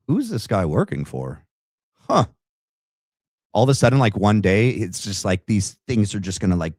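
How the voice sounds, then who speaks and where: Sarcastic, low-voiced male commentator. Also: very animated, normal speed, no room sound, studio quality. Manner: sarcastic, rambling, mocking. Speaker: commentary show host. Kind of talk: casual reaction commentary.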